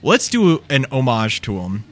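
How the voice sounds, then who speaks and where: A man's voice: mid-range voice, big pitch swings, a little slow. A young adult man, a musician guest, telling rambling band stories with chuckles in a casual interview at a coffee shop.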